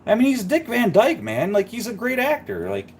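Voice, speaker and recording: Animated, rambling man chatting. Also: sits high, normal speed, slight background noise. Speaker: live stream host. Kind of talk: casual chat.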